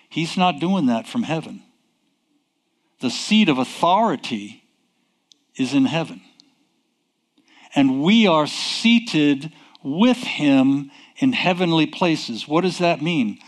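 A man preaching a sermon, emphatic and deliberate, posing rhetorical questions and answering them himself. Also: on the high side, animated.

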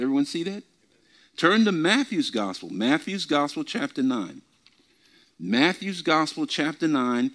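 Guy preaching bible study, voice goes up and down a lot, keeps asking the room questions. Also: medium pitch. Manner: asks the congregation questions and repeats himself; reads scripture slowly with emphasis. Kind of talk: bible teaching. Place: church meeting before a group.

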